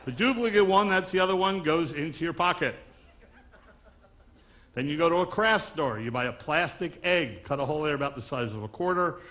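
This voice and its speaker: A man's voice: on the high side, lively intonation, a little fast, sharp tone, slight background noise. A man from Long Island doing a stand-up comedy magic act, wisecracking patter on stage before a live audience. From Long Island, New York.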